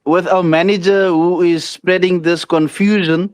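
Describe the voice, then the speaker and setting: A male caller on a casual fan chat with a notably high voice. He states his views bluntly and with emphasis. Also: fairly even intonation, a little slow, clean tone, dry recording.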